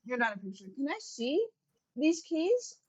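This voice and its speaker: A woman's voice: sits high, big pitch swings, normal speed, dull audio. A woman playing a tabletop game in character, hesitant and full of fillers, with a sly edge. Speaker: player.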